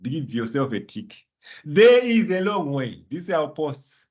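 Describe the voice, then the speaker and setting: A man's voice: on the high side, sing-song, unhurried, a little mellow. A man teaching a live online finance class, encouraging students by name and laughing often. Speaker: lecturer.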